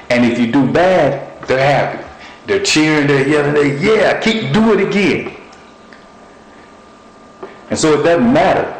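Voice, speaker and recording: A middle-aged man preaching a sermon, repeating short phrases and using objects as illustrations. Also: medium pitch. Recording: echoey room with faint noise.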